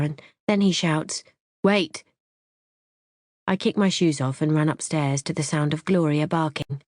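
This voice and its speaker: A woman's voice: on the low side, a little mellow, dry recording, studio quality. A woman reading a first-person thriller in a wry, conversational way. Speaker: audiobook narrator.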